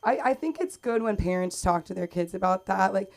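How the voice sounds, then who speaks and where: Under bright lights on a comedy club stage, a young woman does an open-mic stand-up set, chatty and rambling as she acts out quotes. She speaks briskly at a medium pitch, with noticeable vocal fry.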